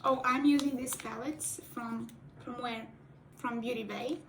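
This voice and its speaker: A woman whose first language is Portuguese chats through her cosplay makeup in a slow, unhurried way. Her voice sits a little high. She rambles, restarts her sentences, and slips into quiet murmured asides, with a faint hiss of room noise behind her. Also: fairly even intonation, rough recording. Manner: rambling, restarts often, drops into soft asides. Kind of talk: casual chat while doing makeup.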